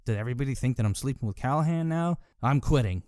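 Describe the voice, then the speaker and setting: A man's voice: medium pitch, lively intonation, fast, a little mellow, no echo, clean studio sound. A man co-hosting a podcast, casually recapping a movie and chiming in with short quips and quoted lines. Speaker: podcast co-host.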